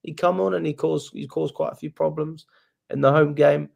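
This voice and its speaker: A man's voice: a little high, steady tone, normal speed, creaky, darkish tone, highs cut off. A young man, hosting a casual fan livestream, chatty and swearing freely. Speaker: fan channel host.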